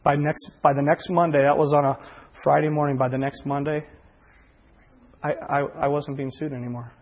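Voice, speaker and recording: Guy sharing a testimony, earnest, trips over his words, gravelly husky voice, long hall echo. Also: on the high side, level tone. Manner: earnest, heartfelt, halting with repeated words. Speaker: speaker giving a personal testimony. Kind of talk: sermon-like storytelling.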